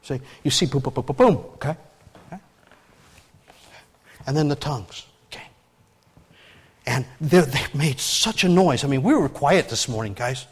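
A man preaching a sermon as pastor, animated and emphatic, with frequent restarts and loud peaks. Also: fairly high pitch, measured pace, long pauses, slightly rough.

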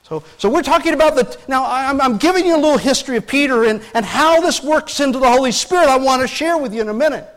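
A man preaching a sermon as pastor, animated and emphatic, with frequent restarts and loud peaks. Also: extremely high pitch, fast talker, few pauses.

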